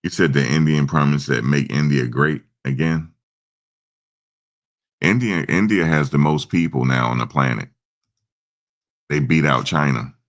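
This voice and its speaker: Very deep gravelly-voiced man rambling. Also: normal speed. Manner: rambling, chats with viewers' comments. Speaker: livestream host. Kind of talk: casual live-stream chat.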